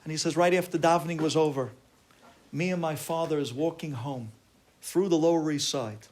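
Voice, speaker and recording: A man, a rabbi, telling a story in an animated way, acting out the people in it with shouts and exclamations. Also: a little high, moderate pace. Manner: acts out quoted voices, shouting and exclaiming.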